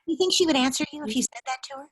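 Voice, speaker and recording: A middle-aged parenting expert hosts call-in office hours over a video call, speaking high-pitched and very fast. She coaches warmly, offering callers advice that's both empathetic and direct.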